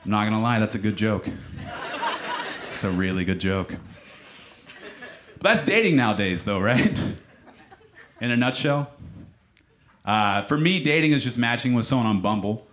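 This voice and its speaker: A young man doing a stand-up comedy set on a club stage, with a dry, deadpan delivery that sinks into mock-solemn quiet. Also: lowish voice, normal speed, pauses often, noisy background.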